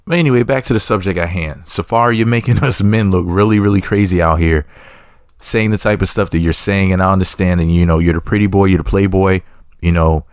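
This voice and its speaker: A man's voice: sits low, a little fast, clear, resonant tone, no echo, clean studio sound. Rambling sarcastic gossip reporter, male. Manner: rambling, sarcastic, stacks mock disclaimers. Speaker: entertainment reporter. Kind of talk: gossip commentary.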